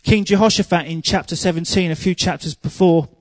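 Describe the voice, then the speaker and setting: A man preaching a sermon, telling humorous stories and growing loud and emphatic. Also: sits high, fairly even intonation, brisk, no room sound.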